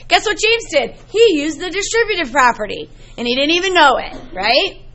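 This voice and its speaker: A woman's voice: very high voice, animated, moderate pace, hardly any pauses, fairly bright tone. A middle-aged woman teaching a math class, explaining in a chatty, storytelling way to her students in a classroom.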